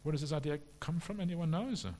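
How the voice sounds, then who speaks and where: Relaxed monk answering questions. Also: male voice, fairly high pitch, fast talker. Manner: relaxed and humorous, frequent "uh" fillers. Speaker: Buddhist monk teacher. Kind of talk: dharma talk question and answer.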